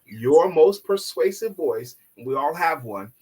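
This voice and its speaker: A man with a fairly high, husky voice gives sales coaching on a live online show. He teaches in an instructive, emphatic way. Now and then he drops his voice low and slow to demonstrate. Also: animated, darkish tone, low-quality recording.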